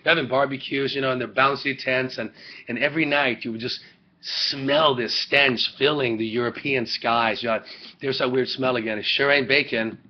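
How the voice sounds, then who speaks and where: A man's voice: mid-range voice, fairly even intonation, moderate pace, a little hiss or hum. Rambling male teacher on lo-fi webcam. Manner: rambling, joking, rhetorical questions. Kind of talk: classroom lecture. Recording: dull lo-fi webcam audio.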